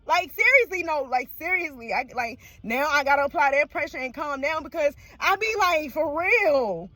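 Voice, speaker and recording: High-voiced woman, raw and profane. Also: lively intonation, normal speed, fairly bright tone, no room sound. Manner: emotional, swings between laughing and crying; blunt and profane, heavy slang. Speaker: vlogger. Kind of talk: casual personal vlog talk.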